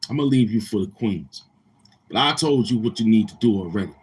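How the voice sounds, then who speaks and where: A man's voice: fairly low pitch, expressive, a little fast, darkish tone, husky. A man hosting a livestream, chatting casually with viewers in a boastful, crude, repetitive manner. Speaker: livestream host.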